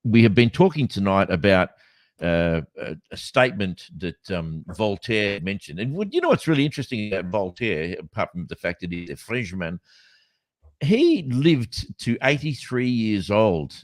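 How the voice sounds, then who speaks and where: A man's voice: fairly low pitch, sing-song, normal speed, dry recording. A middle-aged Australian man co-hosting a casual chat, rambling and joking, often breaking into laughter. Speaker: podcast co-host.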